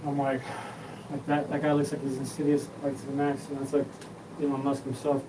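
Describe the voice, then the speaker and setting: A man's voice: medium pitch, completely flat delivery, a little fast, background noise. A man hosting his own show, talking in a rambling, profane monologue that jumps from topic to topic. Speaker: show host.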